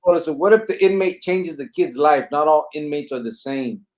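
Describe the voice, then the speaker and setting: A man's voice: a little high, moderate pace, darkish tone. Emphatic man. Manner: emphatic, repeats rhetorical questions. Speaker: podcast host. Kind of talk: casual chat.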